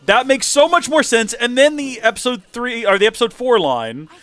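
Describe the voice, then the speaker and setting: A man's voice: very high voice, expressive, normal speed, a bit bright. A man casually commentating a game livestream, rambling animatedly and acting out quotes. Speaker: let's play streamer.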